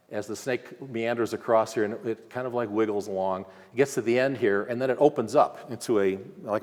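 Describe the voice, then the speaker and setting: A man giving a conversational slide lecture at a symposium, pointing things out on screen with frequent fillers. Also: fairly low pitch. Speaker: archaeology lecturer. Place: lecture hall. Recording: long hall reverb.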